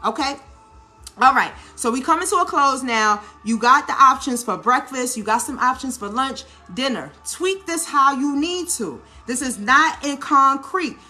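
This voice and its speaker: A woman with a New Orleans accent chatting casually while making a salad in a home kitchen, animated and coaching, often checking in with her viewers. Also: sits high. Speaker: lifestyle vlogger. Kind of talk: casual cooking vlog talk.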